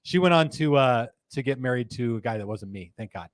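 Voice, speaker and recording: A man's voice: mid-range voice, expressive, a little fast, no echo, clean studio sound. A middle-aged man hosting a live podcast, chatting casually, laughing often and reading viewer comments aloud. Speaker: podcast host. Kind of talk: casual live-show chat.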